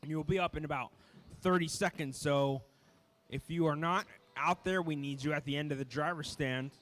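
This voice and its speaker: A man directing races at an indoor RC car track, briskly calling out driver names, heats and cone positions. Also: a little high, fairly bright tone. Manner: brisk, practical, calls names in quick lists. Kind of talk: announcing driver lineups over a track PA.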